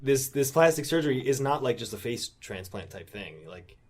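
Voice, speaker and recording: A man chats on a podcast, hunting for the right words. His sentences fade out as he goes. His voice sits at an ordinary middle pitch. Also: sing-song, moderate pace, slightly rough. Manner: trails off and gets quieter, searching for words. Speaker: podcast co-host. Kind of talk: casual chat.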